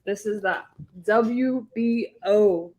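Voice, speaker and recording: A woman in her thirties, a boxing champion being interviewed, telling animated stories with laughs and swearing. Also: mid-range voice, very slow. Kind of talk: casual interview chat.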